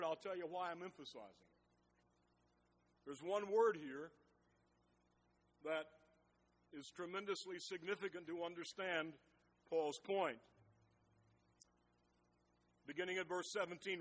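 A man preaching a sermon as pastor, reading scripture and stressing words with deliberate emphasis. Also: sits high. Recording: reverberant hall sound.

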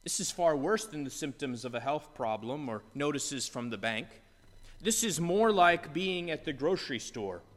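A male preacher delivers a passionate sermon in a fairly high voice, building into exasperated outbursts. His words carry a long hall reverb, as in a church sanctuary. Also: fairly bright tone. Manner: impassioned, rising to exasperated outbursts. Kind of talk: expository sermon.

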